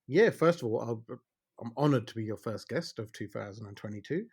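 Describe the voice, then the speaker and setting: A man's voice: mid-range voice, lively intonation, fairly quick, breathy edge. A man in his forties with an Essex accent, a solicitor telling jokey stories as a podcast guest, with many fillers and restarts. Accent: Essex English. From England. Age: 40s. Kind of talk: casual podcast interview.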